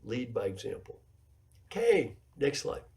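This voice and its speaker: A man's voice: mid-range voice, big pitch swings, a little slow, darkish tone. A man in his seventies, an executive coach giving a keynote lecture, telling stories and repeating his key points for emphasis. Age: 70s.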